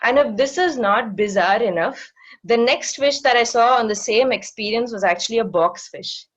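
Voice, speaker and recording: A woman's voice: on the high side, moderate pace, dull audio. Woman giving an online science talk. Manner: explanatory, many fillers. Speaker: guest speaker, marine educator.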